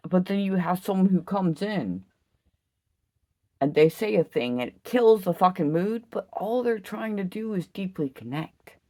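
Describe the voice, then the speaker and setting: A woman giving an impassioned solo vlog rant, emphatic and profane, swinging from loud outbursts to low, slow musing. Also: expressive. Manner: intense, emphatic, heavy swearing. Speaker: vlogger.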